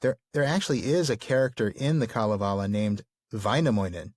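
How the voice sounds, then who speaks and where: A man's voice: on the low side, brisk, a little mellow, dry recording, clean studio sound. Enthusiastic man explaining poetic meter. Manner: enthusiastic, explanatory, with many fillers. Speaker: podcast co-host. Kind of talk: casual discussion of literature.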